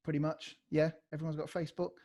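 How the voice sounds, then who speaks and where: A man's voice: on the high side, level tone, fast talker, warm tone. A man leading a live online beatbox workshop on a video call, energetically demonstrating vocal scratch sounds.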